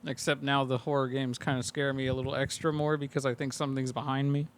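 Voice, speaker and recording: A man talks fast in a flat, mid-range voice as he co-hosts a podcast, recapping a movie with lots of swearing and acted-out lines. Slight background noise is audible.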